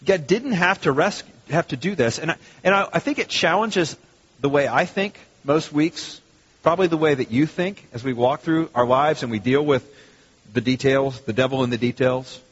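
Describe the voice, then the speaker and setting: A man's voice: fairly high pitch, moderate pace, husky. A man preaching a sermon to his congregation in a conversational, emphatic way, often restarting his sentences. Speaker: pastor. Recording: muffled sound in a reverberant hall.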